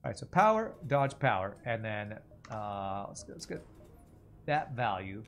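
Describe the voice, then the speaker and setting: A man's voice: on the low side, sing-song, unhurried, a bit bright, soft background music. A man streaming a video game, chatting casually and thinking aloud with jokes and tangents. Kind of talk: casual gameplay commentary.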